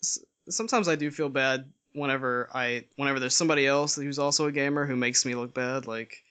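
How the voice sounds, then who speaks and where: A man's voice: mid-range voice, steady tone, fairly quick, pushed and bright, clean tone. A man in a casual podcast chat who laughs often and trails off.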